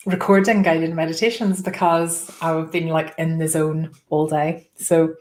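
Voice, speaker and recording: A woman hosting a live stream, chatting casually and rambling a little, her throat slightly strained. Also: fairly low pitch. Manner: chatty, rambling, greets viewers by name. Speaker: host.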